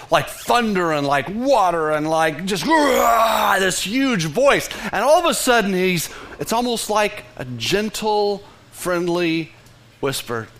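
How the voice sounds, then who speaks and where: A man's voice: sits high, fairly bright tone. A man preaching a sermon as pastor, earnest, with frequent restarts and sudden drops to a near whisper. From Texas.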